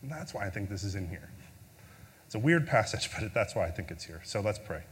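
A man's voice: fairly low pitch, very animated, a little fast, big-room sound. A man preaching a sermon as a pastor, telling a story in a conversational way with filler words, then leading a prayer.

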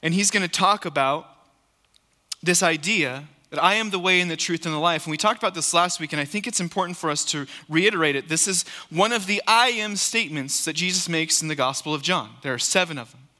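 A man preaching in a church sanctuary with a slightly high, sharply bright and forceful voice. He is earnest and emphatic, leaning on repeated phrases, and his words ring out with the long reverb of a large hall. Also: fairly quick. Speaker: pastor. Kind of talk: sermon.

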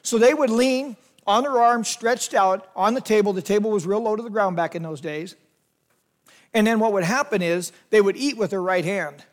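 A man's voice: high voice, normal speed. A youth pastor, a man retelling a scripture story vividly and speaking straight to young listeners. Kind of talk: storytelling sermon to a youth group.

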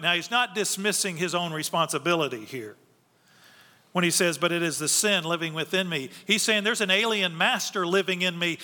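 Bright-voiced pastor in a reverberant hall. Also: male voice, high-pitched. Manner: conversational, earnest, with filler restarts. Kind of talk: sermon.

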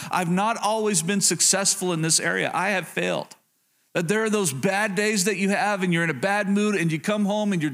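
A pastor preaches to his congregation, his voice sitting a little high for a man. He speaks directly and earnestly to them, often stopping to ask "can I tell you something" and circling back to the same phrases. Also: a bit bright. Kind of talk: sermon.

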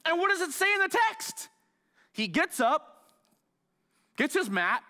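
Animated bright-voiced male pastor. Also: extremely high pitch, measured pace. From United States. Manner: animated storytelling, acts out scenes, loud excited outbursts. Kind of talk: sermon.

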